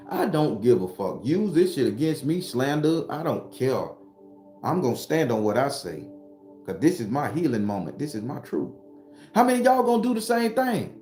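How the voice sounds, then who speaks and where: A man who works as a spiritual vlogger and tarot reader delivers a casual motivational talk from behind his home studio, blunt and profane, preaching through repeated phrases. His voice sits on the high side with a darkish tone, and the room is reverberant.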